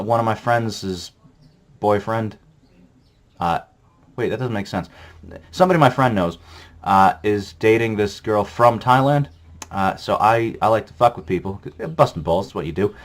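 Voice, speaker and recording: A man commenting crudely on a geography quiz he is playing, sarcastic and profane, rambling with lots of fillers. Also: on the low side.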